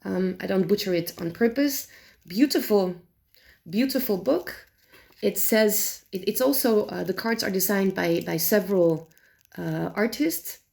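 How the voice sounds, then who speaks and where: A woman reviewing tarot decks in casual chat, animated and exasperated, swearing freely and talking with many fillers and restarts. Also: medium pitch, measured pace, creaky.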